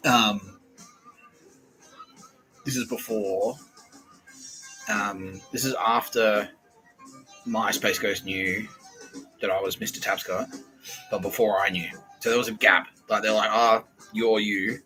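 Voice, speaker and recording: A man's voice: on the low side, slow, long pauses, soft background music, poor audio. An Australian man hosting a podcast, telling a casual story with lots of swearing and acted-out quotes. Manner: animated, swears often, acts out quoted voices. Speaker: podcast host.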